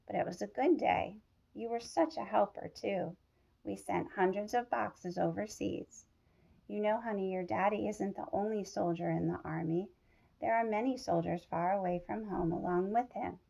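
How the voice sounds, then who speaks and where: A woman voicing a gentle, kind grandmother in a read-aloud storybook. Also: mid-range voice, moderate pace, gravelly. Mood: tender.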